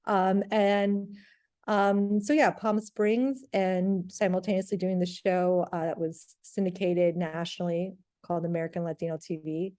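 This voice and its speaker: A woman in her thirties, a TV reporter telling her career story in a casual interview, rambling with lots of "like" and lively retellings. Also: fairly low pitch, unhurried. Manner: rambling, heavy use of "like", animated retelling. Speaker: TV sports reporter, guest.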